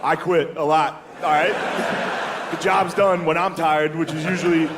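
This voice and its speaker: A man's voice: fairly high pitch, steady tone, normal speed. A man doing a stand-up comedy set, laid-back and profane, tossing in "dude" constantly. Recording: live club recording with crowd laughter and noise.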